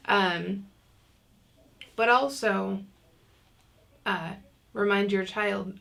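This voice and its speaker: A woman's voice: medium pitch, steady tone, normal speed, gravelly, a bit bright. A woman teaching an online parenting class in a chatty, casual way, acting out what parents and kids might say. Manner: chatty, many fillers, acts out kids' lines.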